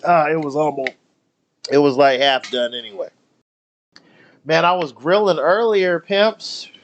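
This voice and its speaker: A young man telling stories during a casual live stream with loud slangy banter, drinking while he talks at home. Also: medium pitch. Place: home, near the grill.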